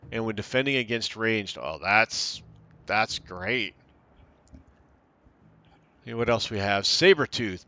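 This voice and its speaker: Guy doing a chill let's play, thinks out loud, kinda sharp bright voice. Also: medium pitch. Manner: thinks aloud while reading in-game text. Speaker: gaming channel host. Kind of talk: casual let's-play commentary.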